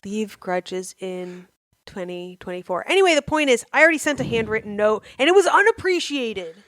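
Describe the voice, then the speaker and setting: Brief: blunt, ranting co-host, mid pitch, dry close-mic sound. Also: lively intonation, moderate pace, fairly bright tone, dry recording. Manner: blunt, sarcastic, profane ranting. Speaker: podcast co-host. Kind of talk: casual comedic chat.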